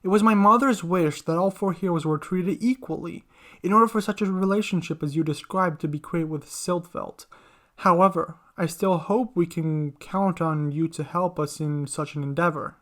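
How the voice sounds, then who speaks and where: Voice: mid-range voice, normal speed, close to an everyday voice. Earnest young princess read by the narrator, formal diction. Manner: formal speech.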